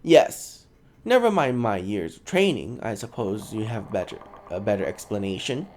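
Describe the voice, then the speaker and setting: A man voicing an eager, fussy woman scholar who studies souls, in a raised, excited voice. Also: moderate pace, slight background noise. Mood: clinical. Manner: excited, clinical, high-pitched.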